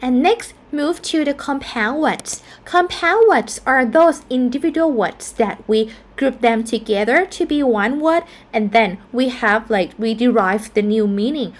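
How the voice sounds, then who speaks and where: Slow, careful woman teaching pronunciation. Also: on the high side. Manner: slow and careful, repeats each example word. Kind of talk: explaining a phonetics lesson.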